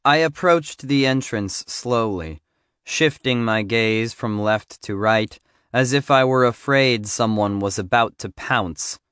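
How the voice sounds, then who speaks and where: A man narrating a first-person story in a measured, even audiobook reading. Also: mid-range voice, clear, resonant tone, no room sound, studio quality.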